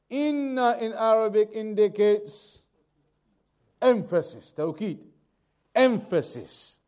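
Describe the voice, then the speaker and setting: A man teaching a lesson on Quran commentary, repeating key points and reading Arabic quickly before translating it slowly. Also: high voice, darkish tone. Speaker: Islamic teacher.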